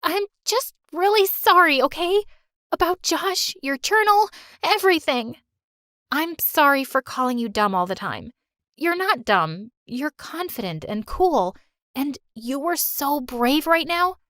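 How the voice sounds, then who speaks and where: An earnest, remorseful teen girl, played by a woman in an animated story. Her voice is high and sincere, recorded close and dry. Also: measured pace, dry recording. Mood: apologetic. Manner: earnest, apologetic.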